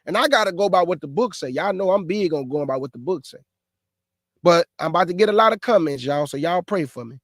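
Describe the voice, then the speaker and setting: A man with a high, bright-sounding voice preaches on a livestream. He talks straight to his viewers in a lively, exasperated way, recorded close and dry. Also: fairly quick, no echo. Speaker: host of a live show.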